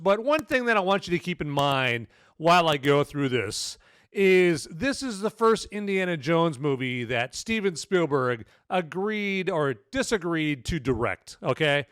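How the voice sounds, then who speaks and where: A man with a slightly raised voice talks his way through a casual review in a loose, rambling manner, full of fillers and check-ins with the listener. His voice is smooth and clear, recorded dry and close. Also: a little high, fairly bright tone, dry recording. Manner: rambling, many fillers and "okay?" tags. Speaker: podcast movie reviewer.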